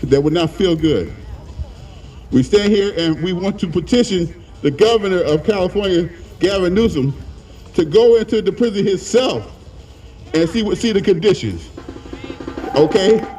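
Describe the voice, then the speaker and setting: A man with a fairly high voice rallies a crowd outdoors with a fiery, plain-spoken speech. He is a little out of breath and pushes toward shouting. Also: lively intonation, normal speed, pauses often, faint music behind, low-quality recording. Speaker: union leader and rally speaker. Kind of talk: impassioned rally speech. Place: outdoor protest rally.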